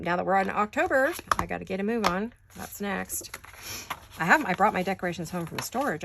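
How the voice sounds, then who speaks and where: A woman's voice: fairly low pitch, noisy background. A middle-aged woman chatting casually while she does paper crafts. She talks to herself as she works and giggles often.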